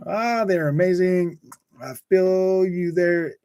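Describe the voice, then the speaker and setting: A man's voice: a little high, fairly even intonation, slow pace, darkish tone, no room sound. Chatty young man, dry close mic. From Utah. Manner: rambling, laughs often, says dude and bro a lot. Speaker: gaming channel host reading live chat. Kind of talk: casual livestream chat.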